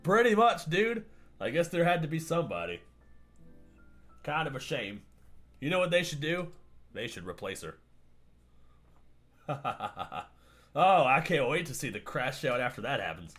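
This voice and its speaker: A man hosting a live reaction stream, ranting loudly, swearing and laughing as he talks. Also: on the high side, sing-song, a little slow, long pauses, soft background music. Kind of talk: casual reaction stream commentary.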